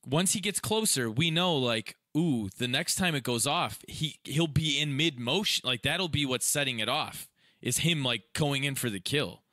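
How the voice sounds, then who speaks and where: A man's voice: mid-range voice, lively intonation, moderate pace, pushed and bright, dry recording, clean studio sound. A man co-hosting a casual movie review podcast, enthusiastic and profane, chiming in with lots of agreement. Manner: enthusiastic, backchannels a lot, profane. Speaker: podcast co-host.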